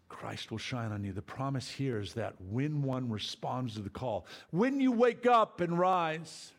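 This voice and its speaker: A man pastor preaching a sermon to his church, dropping soft and low then rising to loud calls. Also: vocal fry, husky.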